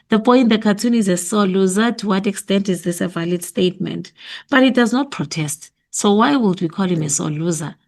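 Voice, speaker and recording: In this exam revision lesson, a South African woman reviews a memo, talking through her thinking and going back over her answers. Her medium-pitched voice is creaky and somewhat dark.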